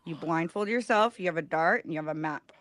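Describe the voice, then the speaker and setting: A woman's voice: low-pitched, brisk, fairly bright tone. A woman co-hosting a live sales stream, joking and playful in casual chat.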